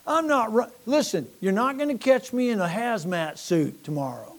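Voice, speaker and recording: A middle-aged man preaching a folksy sermon, rambling and self-deprecating, stumbling over repeated words and swinging from quiet asides to loud points. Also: sits high, sing-song, moderate pace, hardly any pauses.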